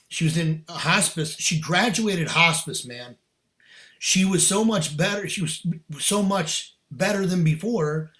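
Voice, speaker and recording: A man's voice: fairly high pitch, a bit bright. A middle-aged man, a podcast guest, telling a personal story in casual, earnest, emphatic talk with slang.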